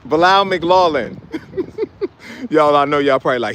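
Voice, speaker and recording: A man's voice: on the high side, measured pace, a bit bright, slight background noise. A man casually vlogging outdoors, talking loosely and straight to his viewers. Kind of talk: casual live vlog. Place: outdoors at a city fast-food lot.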